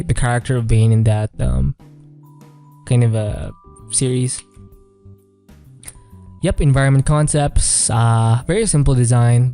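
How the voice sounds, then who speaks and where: Chill guy talking through paintings, lots of um and kind of, warm mellow tone. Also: medium pitch. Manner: relaxed, rambling, many fillers and "kind of". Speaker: artist reviewing artwork. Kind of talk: casual art commentary.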